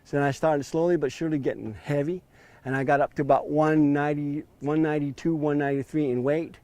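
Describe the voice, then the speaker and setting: A man's voice: a little high, steady tone, fast talker, darkish tone, no echo. A man in his fifties telling his story in an interview, acting out quoted dialogue with a raised voice. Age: 50s.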